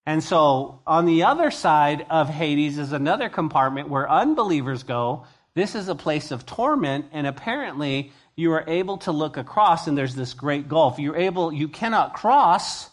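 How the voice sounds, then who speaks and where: A male pastor teaching a sermon verse by verse, conversational and expressive, moving from hushed to emphatic. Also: fairly high pitch.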